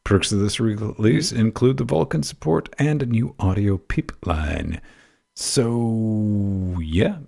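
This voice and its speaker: A man's voice: lowish voice, expressive, takes it slowly, vocal fry, a little mellow. A man co-hosting a casual gaming podcast, laid-back and drawling, swearing casually. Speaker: podcast co-host. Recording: remote voice chat.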